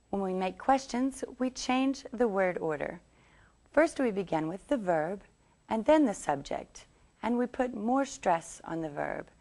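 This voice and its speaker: A woman teaching English, reading a scripted lesson and saying model sentences slowly for learners to repeat. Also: mid-range voice, darkish tone. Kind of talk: scripted language lesson narration.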